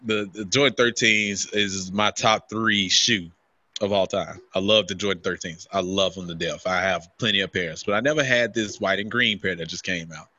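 A man's voice: low-pitched, normal speed, dry recording, lo-fi sound. A man co-hosting a podcast, telling a long, heavily profane rant in casual chat and acting out what people said to him. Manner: animated, swears constantly, acts out his own quotes. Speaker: podcast co-host.

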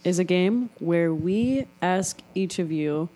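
A woman's voice: on the low side, slow, dark tone. A woman co-hosting a casual group chat, hesitant and indecisive, often laughing.

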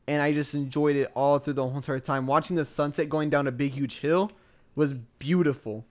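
A man's voice: on the high side, fairly even intonation, a little fast. A young man from the United States co-hosting a podcast. He tells a story in casual chat, rambling, repeating himself and saying "like" a lot. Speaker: podcast co-host.

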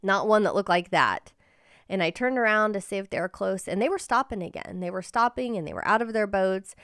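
A woman's voice: mid-range voice, fairly quick, fairly bright tone, smooth, dry recording, clean studio sound. A woman hosting a personal storytelling podcast, telling a story in an earnest, encouraging way. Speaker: podcast host and life coach.

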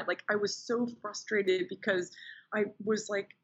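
A woman's voice: mid-range voice, normal speed, slightly rough, lo-fi sound. A woman talking as a podcast guest, telling personal stories with enthusiasm in a casual interview. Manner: enthusiastic, animated storyteller.

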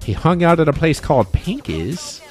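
A man's voice: a little high, sing-song, normal speed, a little mellow, faint music behind. A man co-hosting a podcast, joking around while telling a story in casual chat. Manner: joking, wisecracking. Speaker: podcast co-host.

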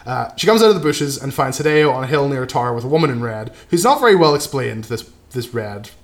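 A man's voice: medium pitch, big pitch swings, quick pace. Casual man recapping a film. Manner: loose plot recap, trailing off quietly, frequent "right?" and swearing. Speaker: podcast co-host recapping a film. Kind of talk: casual chat.

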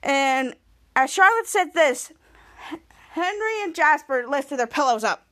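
High-voiced woman recapping slowly. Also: lively intonation, sharp tone. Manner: rambling retelling, strings scenes with "and then" and "like"; frequent restarts and self-corrections. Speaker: podcast host. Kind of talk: episode recap podcast.

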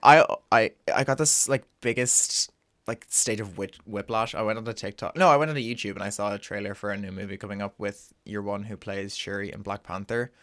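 A man's voice: fairly low pitch, steady tone, fairly quick, fairly bright tone, no room sound, clean studio sound. A young man co-hosting a podcast, rambling through gossip with frequent laughs. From Ireland. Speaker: podcast co-host. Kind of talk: casual chat.

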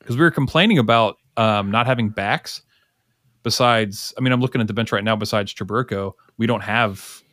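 A man's voice: on the low side, moderate pace, a bit bright, dry recording. Guy rambling on a podcast, kinda all over the place, dry mic. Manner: rambling, self-interrupting. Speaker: podcast co-host. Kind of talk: casual chat.

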